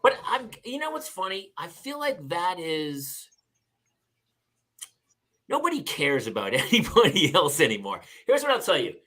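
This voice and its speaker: A California man hosts a podcast, chatting casually in a fairly high voice at normal speed with long pauses. He tells stories with animation and acts out other people's lines.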